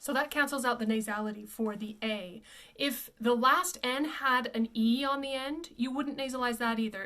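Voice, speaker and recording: A voice coach modeling words slowly. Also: female voice, fairly high pitch, fairly bright tone. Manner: models each word slowly and repeats it. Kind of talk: pronunciation lesson.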